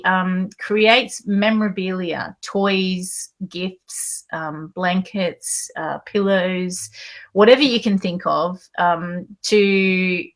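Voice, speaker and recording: A woman's voice: medium pitch, a bit bright. A woman hosting an online author interview, enthusiastic and gushing about her guests. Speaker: host. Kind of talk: interview chat.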